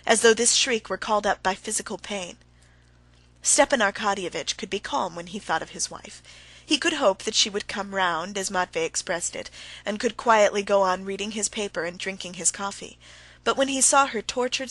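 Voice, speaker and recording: Woman, audiobook narrator, bright clear voice, dry close recording. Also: medium pitch, dry recording, poor audio. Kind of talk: scripted narration of a classic novel.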